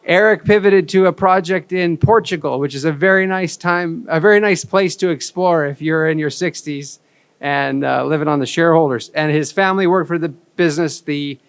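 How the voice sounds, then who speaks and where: A man speaks from a conference stage with a fairly high, smooth voice. He tells his story candidly and with self-deprecation. The sound is dry and close. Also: normal speed, no echo. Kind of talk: storytelling keynote talk.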